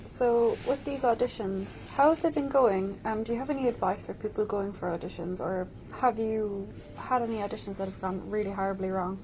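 A woman's voice: mid-range voice, fairly quick, few pauses, a little mellow, slight background noise, poor audio. Woman host asking interview questions.

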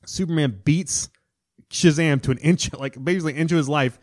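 Eager man retelling comic stories. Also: on the high side. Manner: enthusiastic, retells stories with quick quoted voices. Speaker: podcast co-host. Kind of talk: casual chat.

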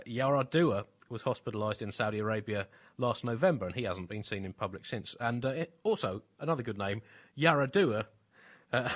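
Man, sardonic comedy co-host, wry deadpan asides. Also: mid-range voice. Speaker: podcast co-host. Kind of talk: satirical comedy chat.

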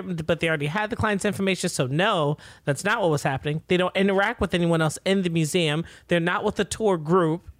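A podcast co-host chatting casually about a TV episode, with wry, deadpan asides. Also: medium pitch, quick pace, few pauses, no room sound, clean studio sound. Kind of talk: casual TV recap chat.

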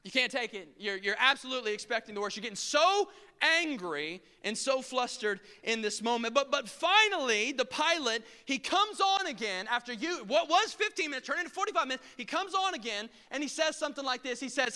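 A man's voice: extremely high pitch, animated, a little fast, sharp tone, smooth, in a large hall. A male pastor preaching a sermon, telling stories animatedly and acting out the scenes.

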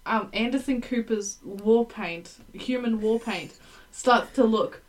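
A woman's voice: on the high side, slow pace, low-quality recording. A woman co-hosting a podcast in casual chat, rambling with lots of fillers and restarts. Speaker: podcast co-host.

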